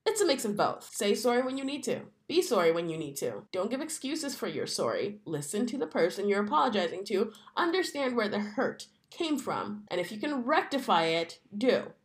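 A woman's voice: medium pitch, big pitch swings, normal speed, hardly any pauses. A woman in her thirties hosting a solo podcast, talking in a chatty, wry way and laughing often. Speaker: podcast host.

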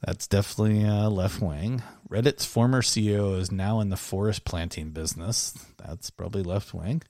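A man's voice: fairly low pitch, normal speed, a little mellow, dry recording, clean studio sound. A man co-hosting a casual chat, reading headlines aloud with frequent laughs and mocking asides. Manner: laughs often, mocking, rambling. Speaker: co-host.

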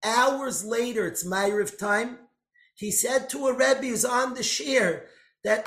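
A man giving an impassioned storytelling sermon, swinging between loud outbursts and hushed lines. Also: very high-pitched, slow pace. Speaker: speaker giving a religious talk. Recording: echoey room.

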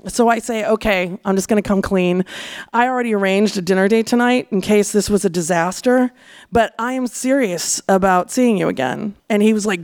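A woman, telling a frank, profane personal story with lively delivery. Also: medium pitch, moderate pace. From California, USA.

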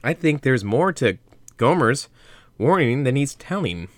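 A man voicing an earnest young female sleuth in a storybook read-aloud, slow and careful. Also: medium pitch, sing-song, dry recording, voice pushed up.

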